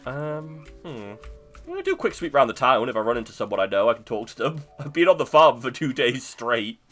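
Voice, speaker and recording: A man's voice: medium pitch, sing-song, brisk, a bit bright, soft background music. A man streaming live gameplay, chatting to himself in a self-mocking way and laughing easily. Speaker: video game streamer.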